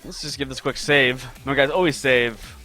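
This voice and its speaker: A man's voice: medium pitch, fairly quick, bright, forceful tone, faint music behind. A man hosting a casual live stream as a game artist, upbeat and chatty, greeting viewers by name while he draws.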